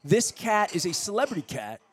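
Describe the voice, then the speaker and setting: Rambling, slightly high-voiced male radio host. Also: big pitch swings, a little fast, a bit bright, husky. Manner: rambling storyteller, many restarts. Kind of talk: casual interview chat. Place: restaurant.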